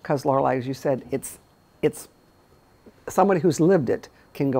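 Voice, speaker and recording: A woman's voice: extremely low pitch, animated, normal speed, gravelly, dark tone. A middle-aged woman, a memory care consultant, talking with caregivers in a chatty, story-telling way and acting out quoted dialogue. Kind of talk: talk to caregivers.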